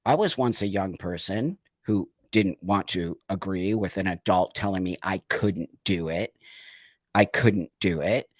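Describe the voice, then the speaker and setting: A man's voice: low voice, a little slow, no echo. A man in his sixties hosting a live stream, talking emphatically and reading viewers' comments. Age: 60s. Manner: emphatic, conversational, acts out quoted voices, laughs. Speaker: host.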